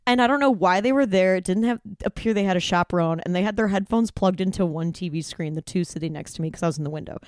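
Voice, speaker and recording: A woman's voice: lowish voice, fast, hardly any pauses, darkish tone, no echo, clean studio sound. A woman in her twenties, a friend and guest, telling a rambling gossipy story over dinner. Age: 20s. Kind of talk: casual chat among friends.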